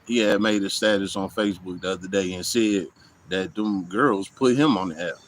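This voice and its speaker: A man's voice: low-pitched, normal speed, a little hiss or hum, low-quality recording. A man in a casual monologue to camera, blunt and profane, often saying "you know what I'm saying", recorded outdoors. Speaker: vlogger. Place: outdoors in hot weather.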